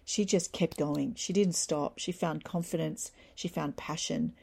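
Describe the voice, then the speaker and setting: Husky, low-voiced woman giving encouraging talk. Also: steady tone, measured pace, a little mellow. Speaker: podcast host. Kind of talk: reflective solo talk.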